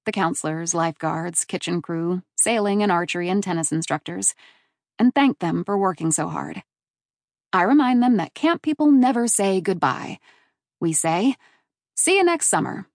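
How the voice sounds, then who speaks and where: A woman's voice: mid-range voice, darkish tone, no echo, studio quality. Woman reading a first-person audiobook. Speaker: narrator.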